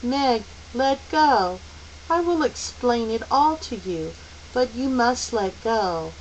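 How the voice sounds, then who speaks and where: Woman doing a possessed small boy, eerily calm. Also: on the high side, lo-fi sound, slight background noise, pitched above the performer's own voice. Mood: coldly calm. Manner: calm, bland, measured.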